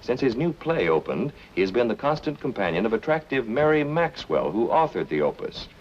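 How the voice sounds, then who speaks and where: A man playing a lively-voiced radio gossip announcer. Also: medium pitch, close to an everyday voice. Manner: brisk, chatty announcer delivery. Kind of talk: 1940s radio broadcast. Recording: dull lo-fi 1940s film soundtrack with faint hiss.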